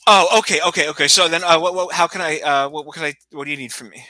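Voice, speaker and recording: A man's voice: a little high, fast talker, pushed and bright, no room sound, poor audio. A man talking to a livestream audience in an agitated, rambling way, repeating himself and sometimes dropping almost to a whisper. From United States. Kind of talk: rambling livestream monologue and phone call.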